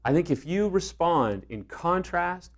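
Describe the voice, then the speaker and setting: A man's voice: on the high side, lively intonation, a little slow. A man coaching on affair recovery, talking earnestly and telling stories with acted-out dialogue. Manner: earnest, storytelling, acts out quoted dialogue. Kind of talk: direct-to-camera advice talk.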